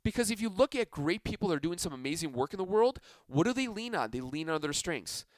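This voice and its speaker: A man's voice: high-pitched, fast talker, no room sound. A man hosting a self-help podcast, talking energetically and casually, stretching key phrases for emphasis. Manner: energetic, enthusiastic, conversational. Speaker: podcast host.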